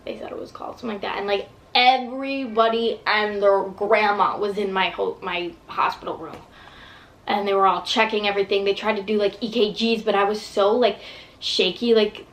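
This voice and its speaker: A woman's voice: mid-range voice, poor audio. A young woman vlogger telling a long personal story in casual, rambling talk full of fillers and swearing.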